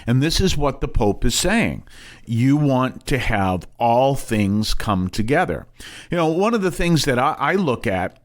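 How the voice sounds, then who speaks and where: A man's voice: mid-range voice, big pitch swings, a little slow. A man, a priest hosting a broadcast, teaching in a rambling, emphatic way with many restarts and asides. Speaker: priest and show host.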